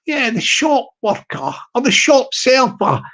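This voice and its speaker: A man's voice: very high-pitched, sing-song, a little slow, a bit bright. A young man hosting a live stream, telling a rambling comic story with lots of restarts and asides.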